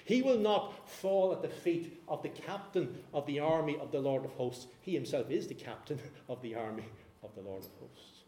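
A man preaching a sermon, telling a scripture story in an animated way. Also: on the high side, moderate pace, reverberant, slight background noise.

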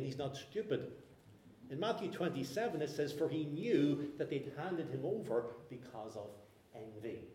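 Man preaching with a mellow, roomy sound. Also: mid-range voice, a little hiss or hum. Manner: measured, explanatory, with frequent restarts. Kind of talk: expository sermon. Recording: roomy echo.

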